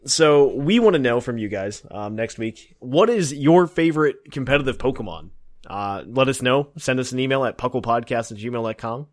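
A young man hosts a casual podcast, reading emails and signing off in an easygoing way. His voice sits at a middle pitch and comes across plain and unhurried, with frequent "uh"s and "um"s. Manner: relaxed, with lots of fillers, laughing easily. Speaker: podcast host.

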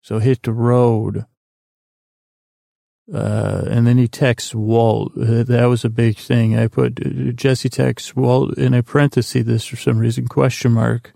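Guy rambling through a recap, flat low-key delivery, lots of restarts, gravelly. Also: dry recording, clean studio sound. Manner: rambling, halting restarts, acts out quoted lines. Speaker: podcast host.

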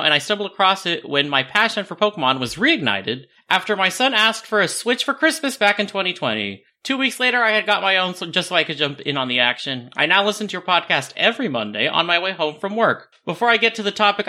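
A man's voice: fairly high pitch, pushed and bright. A man co-hosting a podcast in casual chat, reading listener emails aloud and laughing often. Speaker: podcast co-host.

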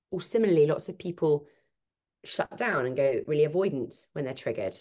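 A woman with a low, deep voice talks through ideas in a relaxed podcast chat. She is emphatic and animated, thinking aloud as she explains herself. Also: brisk. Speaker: podcast guest, parenting speaker. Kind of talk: casual conversational interview.

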